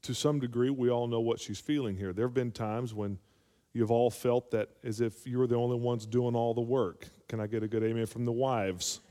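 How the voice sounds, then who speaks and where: A man's voice: medium pitch, steady tone, normal speed, mellow. A male pastor preaching a sermon, calling for amens and rising to emphatic peaks. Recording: long hall reverb.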